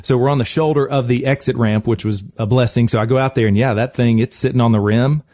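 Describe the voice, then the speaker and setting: A man hosting a radio show, telling a lively personal story with frequent laughs. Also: mid-range voice, fast, no room sound, studio quality.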